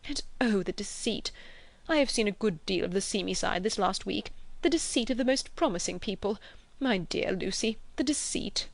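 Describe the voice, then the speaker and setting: A woman's voice: normal speed, creaky, no echo. Lady narrator doing a flustered old gent, all fuss and gush, dry close sound. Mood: excited, fretful. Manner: fretful, gushing, high and animated. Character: fussy excitable older English gentleman landlord.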